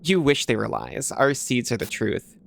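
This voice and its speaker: A man's voice: medium pitch, normal speed, vocal fry, lightly acted. A man voicing a blunt, defiant adventuring companion who talks in a brash and scornful way, reading game dialogue aloud.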